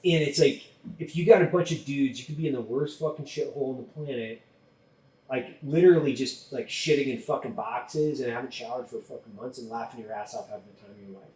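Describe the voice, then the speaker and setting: A man's voice: medium pitch, fast talker, a little mellow. A man hosting a podcast, talking emphatically in casual chat and swearing freely. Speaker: podcast host. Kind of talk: casual conversation. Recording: roomy sound, distant from mic.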